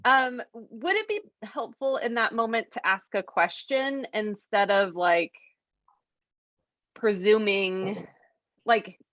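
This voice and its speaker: A woman's voice: medium pitch, animated, slow pace, fairly bright tone, no echo. A woman in an online workshop asking a tentative question over a video call, hedging with lots of "like". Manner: tentative, many "like" fillers. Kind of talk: casual chat. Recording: dull lo-fi video call audio.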